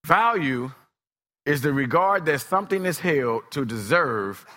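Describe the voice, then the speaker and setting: A man preaching a sermon with dramatic storytelling, swinging from shouts to whispers. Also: on the high side, lively intonation, a little slow, big-room sound.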